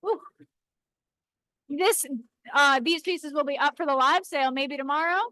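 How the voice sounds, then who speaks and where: A woman's voice: high voice, measured pace, pushed and bright, dry recording, low-quality recording. A woman filming with a handheld camera in an indoor workshop, chatting playfully and correcting herself as she shows off cut stones by a rock saw. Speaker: lapidary shop co-host filming. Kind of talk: casual chat while demonstrating.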